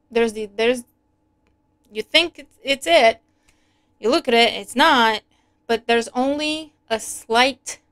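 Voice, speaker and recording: A woman giving a casual, animated tarot reading, chatty and quick to laugh. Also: fairly high pitch, clear, resonant tone. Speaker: tarot reader.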